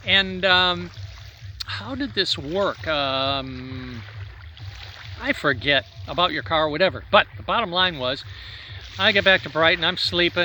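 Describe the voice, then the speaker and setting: A man's voice: fairly high pitch, bright, forceful tone, slight background noise. A middle-aged man in a rambling personal monologue, swearing freely as he talks to an absent friend about old times. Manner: profane, reminiscing, addresses an absent friend. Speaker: vlogger.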